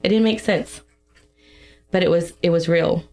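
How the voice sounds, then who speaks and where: A young woman giving a personal testimony in a podcast interview, emotional and halting, with fillers and soft laughs. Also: fairly low pitch, fairly even intonation, creaky.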